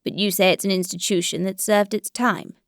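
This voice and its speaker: A woman reading the lines of an earnest male landowner who asks plain, quiet questions, in a dry recording. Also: mid-range voice, fairly even intonation, a little fast, dry recording, lightly acted.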